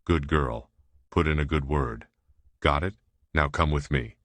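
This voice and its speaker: A man's voice: a bass voice, measured pace, no room sound. A man reading a brusque police officer. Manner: brusque, scolding. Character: stern male police officer with a clipboard.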